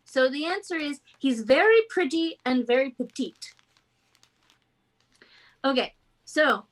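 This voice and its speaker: A woman's voice: high voice, lively intonation, slow pace, long pauses, rough recording. A woman running a tabletop game as game master, narrating casually with lots of fillers.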